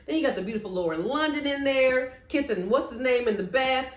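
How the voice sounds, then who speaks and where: Woman vlogger, casual movie-ranking chat, very lively intonation, echoey room at home. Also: sits high, brisk. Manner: animated and expressive, with playful asides.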